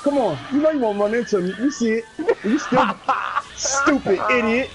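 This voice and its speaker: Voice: medium pitch, moderate pace, very noisy. A gamer giving running commentary on an online fighting match, taunting opponents over and over in a teasing, sing-song way. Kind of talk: trash-talking gameplay commentary.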